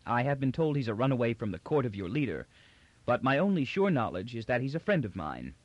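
A man voicing a bold young man who stays steady and firm under threat, in a dull, dry recording. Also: mid-range voice, a little fast, no room sound. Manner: steady, firm, calmly assertive. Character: bold young male trader, coolly defiant.

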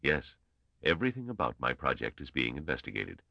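A man voicing a shrewd, brisk old male mathematician who speaks in clipped, testing commands. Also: very deep voice, huge pitch swings, creaky, sharp tone, dry recording, highs cut off, exaggerated voice. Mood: matter-of-fact.

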